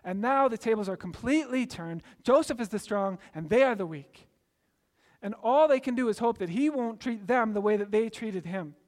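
High-voiced preacher in a reverberant hall. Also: male voice, moderate pace. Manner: animated storytelling, acting out quoted voices. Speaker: pastor. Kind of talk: sermon.

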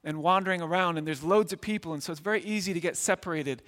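A man's voice: high voice, fast, fairly bright tone. A man from Milwaukee preaching a sermon, telling stories in an earnest, conversational way and often repeating words. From Milwaukee, United States. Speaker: pastor. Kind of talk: storytelling sermon. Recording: long hall reverb.

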